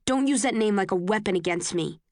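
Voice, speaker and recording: A guarded young man speaks in a low, clipped, restrained way, read by a woman narrating a novel. The recording is dry and close, with no room around the voice. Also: expressive, brisk, darkish tone, dry recording, lightly acted. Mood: firm.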